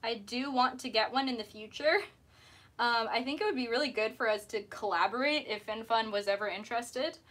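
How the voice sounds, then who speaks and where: Bright, chatty young woman streamer. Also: on the high side, fairly quick. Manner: chatty and giggly, answering chat while painting nails. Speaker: mermaid streamer. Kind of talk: casual live-stream chat.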